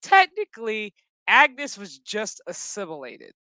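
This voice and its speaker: A man's voice: high-pitched, wildly swooping pitch, unhurried, bright, forceful tone, smooth, no echo. A man giving a casual, profane, rambling episode recap with sarcastic asides. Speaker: show recap host.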